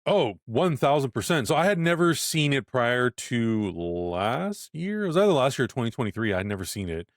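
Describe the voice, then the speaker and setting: A man's voice: medium pitch, normal speed, dry recording, studio quality. A man co-hosting a casual film podcast, talking with enthusiastic, emphatic energy. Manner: enthusiastic, animated, emphatic reactions. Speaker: podcast co-host.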